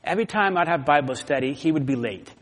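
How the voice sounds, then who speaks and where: A man preaching a sermon as pastor, telling stories in an animated way and acting out his own anger. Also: on the high side, fast. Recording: long hall reverb.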